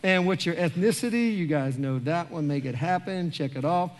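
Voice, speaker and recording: Animated pastor preaching. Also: male voice, on the high side, moderate pace. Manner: animated, joking, acts out quoted voices. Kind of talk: sermon. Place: large church auditorium.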